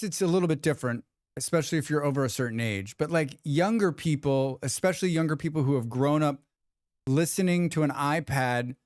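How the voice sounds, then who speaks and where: A man's voice: medium pitch, no echo, clean studio sound. A man hosting a game livestream, rambling casually and reading out chat messages. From United States. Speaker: livestream host. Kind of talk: casual chat with chat while gaming.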